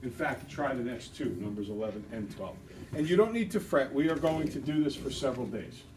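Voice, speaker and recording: A man's voice: medium pitch, animated. Male math teacher, upbeat, quizzing the class, roomy distant sound, background noise. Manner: upbeat, quizzing students with quick questions. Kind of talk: classroom lesson.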